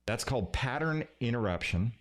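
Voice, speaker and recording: A man coaching viewers on communication in a live stream. His voice is lively and sits at a middle pitch. He breaks up his tempo, drops to a softer voice, and leans on single words for emphasis. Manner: animated, plays with pauses, pitch and emphasis. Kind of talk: live-streamed lesson, talking to camera. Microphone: streaming setup.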